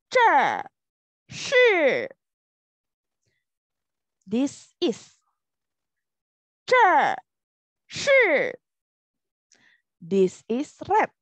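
A woman's voice: a little high, no room sound. A woman teaching Mandarin vocabulary, drawing out each tone with patient repetition in a drill. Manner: slow, over-stretched tones, patient repetition. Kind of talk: classroom language drill.

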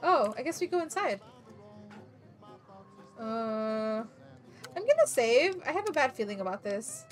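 A woman streams a video game and keeps up excitable, casual commentary, laughing often and swearing freely. Her voice is high and swings widely in pitch. Faint game music plays under her talk. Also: a little slow, long pauses.

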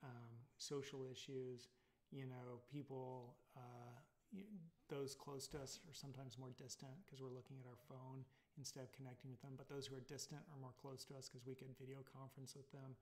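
Rambling Californian college instructor. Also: male voice, medium pitch, level tone, moderate pace. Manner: casual, rambling, many fillers and tag questions. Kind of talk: recorded online lecture.

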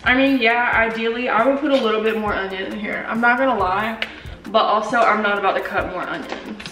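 A woman's voice: a little high, fairly quick, fairly bright tone, a little hiss or hum. A young woman chatting casually in a cooking vlog, playful and dramatic, often giggling and complaining. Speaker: vlogger. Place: home kitchen. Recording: echoey kitchen, far from mic, music behind.

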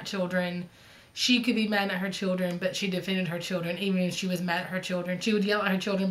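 A woman's voice: mid-range voice, fairly bright tone, rough recording. Chatty Southern woman with rambling asides. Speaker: flosstube host. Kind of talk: casual chat vlog.

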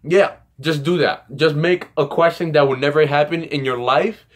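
Young male vlogger, slightly high-pitched, loose and rambling delivery. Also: normal speed. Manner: rambling, animated storytelling. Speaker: YouTuber giving comedy tips. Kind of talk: casual vlog talk.

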